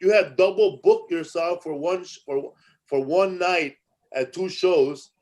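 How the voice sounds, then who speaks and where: A man's voice: high voice, measured pace, a little mellow, low-quality recording. A man hosting a podcast, asking questions and teasing his guest in casual chat. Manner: joking, teasing interviewer. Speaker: podcast host.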